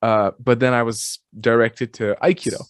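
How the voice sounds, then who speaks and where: A man's voice: medium pitch, fairly even intonation, moderate pace, clean tone, dry recording. A man hosting an interview, asking questions and reflecting on his own experience. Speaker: interviewer, host.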